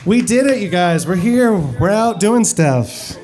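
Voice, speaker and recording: A man doing lively, sarcastic stand-up, his pitch leaping around as he pushes the jokes. The voice is fairly high for a man but mellow in tone, and he talks to the crowd like old friends. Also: a little slow, soft background music. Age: adult parent. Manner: energetic, sarcastic, jumps up for emphasis. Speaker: stand-up comic. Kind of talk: animated stand-up.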